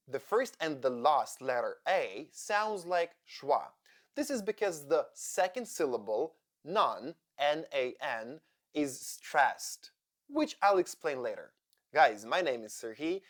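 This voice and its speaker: A man teaching English pronunciation in a scripted lesson, speaking deliberately and spelling out sounds one by one. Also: fairly high pitch.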